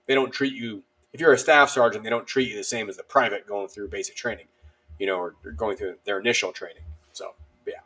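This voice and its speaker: Here a man in his thirties, a guest and army veteran, speaks briskly in a lowish voice. Telling his stories casually, he acts out people's lines with animation and uses many fillers.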